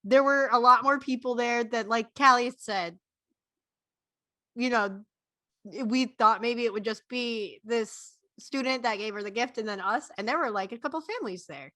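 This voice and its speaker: Casting note: young woman, bright and slightly high, laid-back self-mocking banter, dry close mic. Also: normal speed, dry recording. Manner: self-deprecating, giggly. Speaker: podcast co-host. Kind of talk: casual chat.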